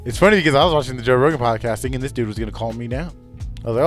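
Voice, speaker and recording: A man's voice: mid-range voice, racing, fairly bright tone, faint music behind. A man hosting a livestream, chatting casually in a rambling, profane way with many restarts. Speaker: livestream host.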